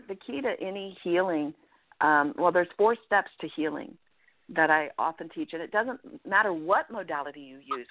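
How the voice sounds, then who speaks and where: A woman life coach giving earnest, animated advice as a guest in an interview, often checking in with "right?". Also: on the low side, dry recording. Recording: dry, tinny phone-line sound.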